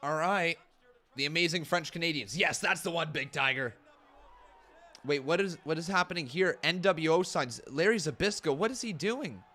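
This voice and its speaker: Bright slightly high-voiced guy doing live watch-along commentary, upbeat, chatting with viewers. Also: normal speed. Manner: upbeat, laughs often, chats with viewers. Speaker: host.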